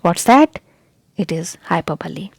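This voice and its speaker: A woman's voice: on the low side, animated, unhurried, vocal fry, darkish tone, breathy edge, no room sound. Lady teaching a lesson, keeps asking "you got it", dry close sound. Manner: repetitive, checks understanding with rhetorical questions. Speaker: English teacher. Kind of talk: explaining a lesson on a video channel.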